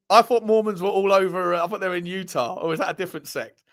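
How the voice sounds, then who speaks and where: A man's voice: high-pitched, fast, a bit bright. A man with an English accent hosts a live show, chatting casually with viewers and reacting to their messages. He swears freely and laughs at himself as he tells stories. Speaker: host of a live fan show.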